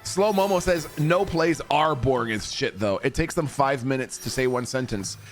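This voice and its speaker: A man streaming a video game, bantering with chat in an animated, profane way. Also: medium pitch, normal speed, faint music behind. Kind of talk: casual live gameplay commentary.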